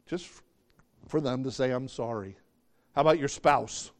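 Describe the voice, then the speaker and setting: Preaching with plenty of energy, this middle-aged pastor often slips into the voices of those he's quoting. He keeps a moderate pace at a medium pitch.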